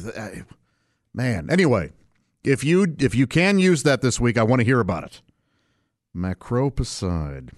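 A man's voice: mid-range voice, dry recording, studio quality. A man hosting his own podcast, talking casually and rambling, often restarting sentences and chuckling to himself. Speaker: podcast host. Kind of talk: casual solo podcast talk.

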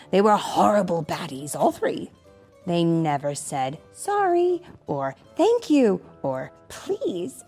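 A woman reading a picture book aloud to her child, animated and stopping to ask questions. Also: mid-range voice.

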